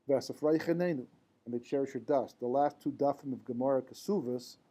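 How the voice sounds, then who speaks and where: A man's voice: mid-range voice, mellow. A man teaching a Torah class in a conversational lecture style, mixing Hebrew terms into English and often asking "right?" to check in with his listeners. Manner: conversational, asks rhetorical questions and checks in with "right?". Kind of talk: informal lecture to a live class.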